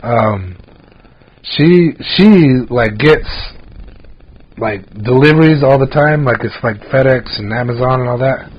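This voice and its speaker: Husky-voiced man telling rambling stories. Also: mid-range voice, a little slow, dull audio. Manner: rambling storyteller, frequent "like" fillers. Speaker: podcast co-host. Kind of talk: casual chat.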